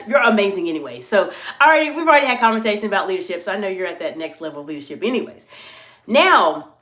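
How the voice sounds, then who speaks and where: A woman executive communication coach giving a live-streamed talk, answering chat questions in a polite, animated coaching tone. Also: medium pitch. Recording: roomy echo.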